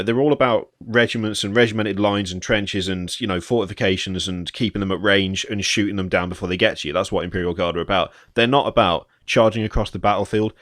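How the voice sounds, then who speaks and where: A man with a fairly low voice explains game lore at length on a podcast, keen and talkative. The recording is dry and close. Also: a bit bright, dry recording. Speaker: podcast co-host. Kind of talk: casual gaming chat.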